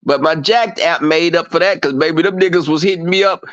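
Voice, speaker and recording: Speaking fairly quickly in a slightly high voice, a man runs a livestream and chats casually with viewers, swearing often. He performs quoted exchanges with animated flair, captured in dull lo-fi stream audio.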